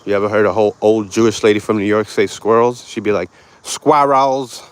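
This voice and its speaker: A man's voice: fairly low pitch, level tone, fast. A man hosting a casual walk-and-talk live stream on an outdoor park path, chatting laid-back with viewers through a handheld phone.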